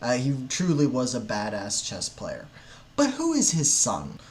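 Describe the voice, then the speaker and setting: A man giving casual online commentary in a relaxed, offhand way, with some fillers. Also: mid-range voice, unhurried, slight background noise.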